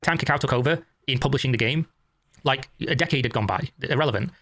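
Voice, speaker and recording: Rapid-fire argumentative man. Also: mid-range voice, fairly bright tone, no echo, clean studio sound. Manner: argumentative, emphatic, profane. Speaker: commentator in a reacted-to video. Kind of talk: opinionated commentary.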